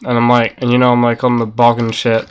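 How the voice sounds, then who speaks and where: A man's voice: medium pitch, monotone, fast, slight background noise. A man streaming a game and chatting casually with friends, rambling and swearing as he talks. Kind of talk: casual gaming chat.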